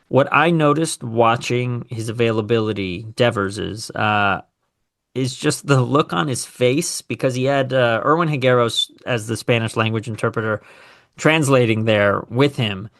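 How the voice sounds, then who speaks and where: A man hosting a casual sports talk show, animated and opinionated, with sarcastic asides. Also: mid-range voice, measured pace. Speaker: podcast host.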